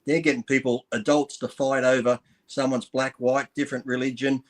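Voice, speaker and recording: A man's voice: mid-range voice, little pitch movement, a little fast. A man co-hosting a casual chat, rambling and swearing freely. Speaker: co-host.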